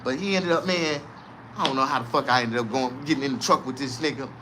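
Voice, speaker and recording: A man from the South, telling a comedic story in a casual, profane, animated way. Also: medium pitch, quick pace, background noise. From American South.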